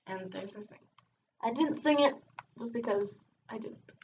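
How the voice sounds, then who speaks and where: A woman reading a children's book aloud, expressive, breaking off now and then for casual chatty asides. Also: fairly high pitch, a little slow, pauses often, slight background noise. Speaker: reader hosting a read-aloud channel. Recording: dull, distant home recording.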